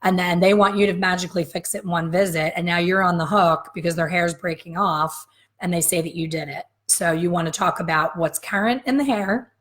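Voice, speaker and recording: Low-voiced woman in her 50s, blunt live coffee-chat teaching, straight to viewers. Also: a little fast, a bit bright. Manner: frank, emphatic, talks straight to viewers. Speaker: hair color educator.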